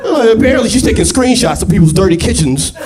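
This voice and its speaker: Crude, animated man doing stand-up. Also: high voice, fast talker. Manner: loud, crude, excitable storytelling. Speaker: stand-up comedian. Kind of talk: stand-up comedy set. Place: comedy club stage. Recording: live club with loud crowd. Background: audience laughing.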